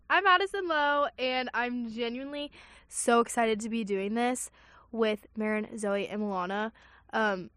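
A woman's voice: a little high, fairly bright tone, no room sound. A young woman, a college student, co-hosting a campus radio show in an eager, upbeat way, with frequent ums. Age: young adult. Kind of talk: casual radio chat.

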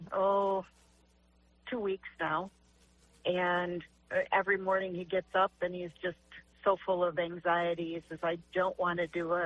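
A woman's voice: fairly low pitch, fairly bright tone, dull audio. Chatty grandmother calling in by phone. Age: older. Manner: chatty, earnest storytelling with many restarts. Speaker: caller. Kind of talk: call-in radio question.

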